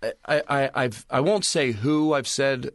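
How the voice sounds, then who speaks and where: A man's voice: medium pitch, measured pace, no room sound, clean studio sound. A man, a stand-up comedian, chatting casually and rambling through stories, acting out his own club announcements. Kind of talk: casual podcast chat.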